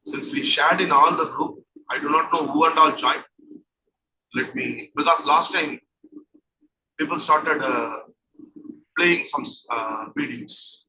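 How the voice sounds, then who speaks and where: A man's voice: fairly high pitch, slow pace, long pauses. A man, giving a training lecture as a counselling trainer and repeating his key points as he explains. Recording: distant dull lo-fi mic with faint noise.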